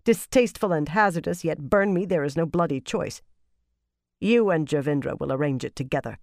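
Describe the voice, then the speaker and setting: A narrator voicing a harsh, foul-mouthed woman who leads a sisterhood, blunt and forceful in an audiobook. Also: medium pitch, a little fast, vocal fry, no room sound, clean studio sound, close to an everyday voice. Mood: brusque. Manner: blunt and forceful, swearing often. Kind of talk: audiobook character reading.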